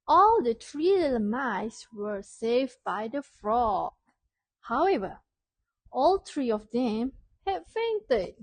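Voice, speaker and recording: A woman teacher telling a story to young children, asking questions and praising answers clearly. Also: on the high side, big pitch swings, slow pace, no room sound.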